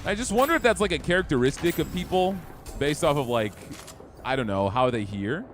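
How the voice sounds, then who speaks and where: A man's voice: a little high, animated, brisk, soft background music. A young man streaming a game, chatting casually and easygoing with his viewers. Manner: easygoing, chatty, talks to chat. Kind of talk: casual gameplay chat.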